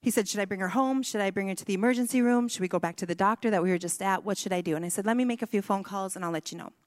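A woman's voice: medium pitch, very fast, no room sound, big-room sound. A woman in her thirties telling a personal family story, with self-deprecating humor and quoted dialogue. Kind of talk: personal testimony talk.

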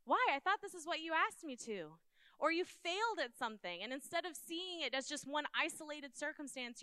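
A woman's voice: high voice, bright, forceful tone, clear, resonant tone, no room sound. A woman giving an earnest, conversational sermon, speaking directly to her listeners.

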